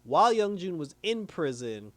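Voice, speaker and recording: A man's voice: high-pitched, very animated, normal speed, fairly bright tone, no echo. A man recapping a TV episode in loose, slangy casual chat, acting out the characters' lines and chuckling as he goes. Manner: loose slangy retelling, acts out quoted lines, chuckles often. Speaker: TV episode reviewer.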